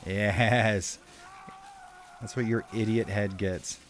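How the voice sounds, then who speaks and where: Low-voiced swearing young male gamer. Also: takes it slowly, a little hiss or hum. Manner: profane, excitable, jokey trash talk at the game. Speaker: streamer. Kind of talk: live gameplay commentary.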